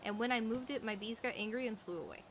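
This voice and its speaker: A woman's voice: fairly high pitch, fast talker, noisy background. Tired, wry woman in roleplay chat. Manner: wry, blunt, swears casually. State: tired late at night. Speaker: roleplay streamer. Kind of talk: casual in-character roleplay chat.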